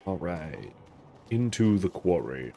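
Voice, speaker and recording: A man's voice: sits low, big pitch swings, slow pace, gravelly, dark tone, slight background noise. A man hosting a live game-play stream, chatting and thinking aloud in a self-deprecating way. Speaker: host. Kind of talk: casual game-play commentary.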